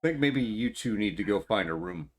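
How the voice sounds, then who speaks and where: A man narrating as game master of a tabletop role-play, often stumbling and repeating words, voicing gruff club bouncers. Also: fairly low pitch, expressive, a little fast.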